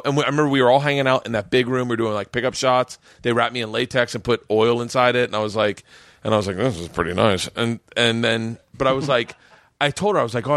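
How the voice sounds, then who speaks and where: A man's voice: medium pitch, fairly bright tone, no echo, clean studio sound. A man casually telling a wild story, laughing often and acting out the quotes himself. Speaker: podcast guest.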